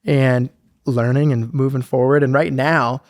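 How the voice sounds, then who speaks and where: A man in his twenties, a guest on a podcast interview, telling stories in an upbeat, animated way and acting out quotes. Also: medium pitch, unhurried, no echo, clean studio sound. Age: 20s. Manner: upbeat, animated storyteller who acts out quotes. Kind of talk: conversational interview.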